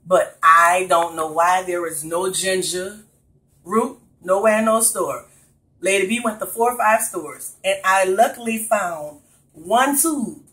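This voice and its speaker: A woman's voice: fairly low pitch, fairly bright tone, poor audio. New orleans lady cooking at home, chatty, talks right to y'all. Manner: chatty, addresses viewers directly as "y'all". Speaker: cooking vlogger. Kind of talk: casual cooking video. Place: home kitchen.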